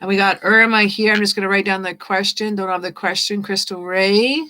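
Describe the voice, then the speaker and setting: A woman giving tarot readings on a casual live stream, chatting and reading card meanings aloud as she thinks out loud. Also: mid-range voice, steady tone, fairly quick, poor audio. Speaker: tarot reader.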